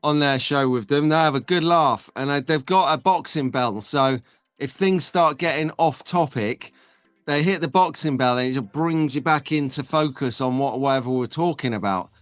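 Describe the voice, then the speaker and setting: A man's voice: fairly high pitch, normal speed, a bit bright, dry recording, faint music behind. A man hosting a casual live stream, chatting and joking with viewers, having just woken up. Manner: chatty, jokey banter with the chat. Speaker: host.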